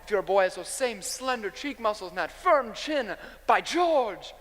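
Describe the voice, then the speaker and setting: A man playing a slick, smooth-talking traveling salesman in a stage musical, glib and persuasive. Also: sits high, expressive, unhurried, a bit bright. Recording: stage with long hall reverb, faint noise.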